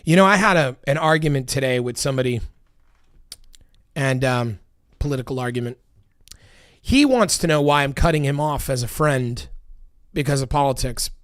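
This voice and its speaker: A man's voice: medium pitch, animated, normal speed, long pauses, a bit bright, no room sound, studio quality. A man delivering a heated, profanity-laced political rant, emphatic and repetitive. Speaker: political commentator.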